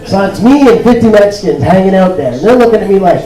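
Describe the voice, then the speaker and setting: Toronto man doing stand-up, high voice. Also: quick pace. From Toronto, Canada. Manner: deadpan storytelling with acted-out voices. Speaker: stand-up comedian. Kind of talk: stand-up comedy set. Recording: roomy club sound, mic heard from a distance. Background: audience laughter.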